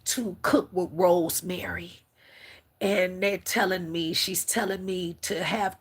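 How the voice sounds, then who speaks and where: Husky, teary woman. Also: medium pitch. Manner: emotional, preacherly, talks straight to viewers. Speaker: spiritual livestream host. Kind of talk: casual spiritual livestream talk.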